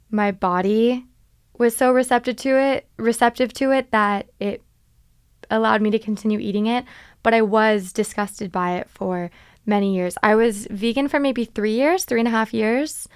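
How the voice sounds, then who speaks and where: A woman in her twenties hosts a solo podcast, talking candidly and confessionally about her past with animation and laughing at herself. Her voice is a little high with a clean tone, recorded at studio quality with no room sound.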